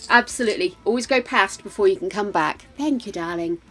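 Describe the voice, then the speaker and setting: Game music plays faintly as an older British woman streams and chats casually with her audience, laughing often and muttering to herself along the way. Her mid-range voice is fairly bright, and she talks briskly.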